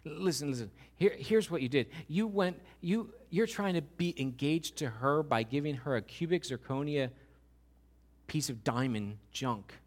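A male pastor preaching a sermon, swinging between quiet asides and loud, urgent pleading. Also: fairly high pitch, lively intonation, unhurried.

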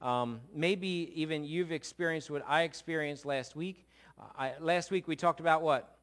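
Speaking at a moderate pace in a slightly high, fairly bright voice, a middle-aged pastor preaches in a church sanctuary. His sermon is conversational and jokey, and he keeps checking in with the congregation.

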